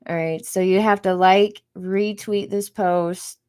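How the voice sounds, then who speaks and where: Chatty woman, casual home livestream, mid-range pitch. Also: steady tone, slow pace, darkish tone, smooth. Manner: chatty, greets viewers, laughs often. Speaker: livestream host.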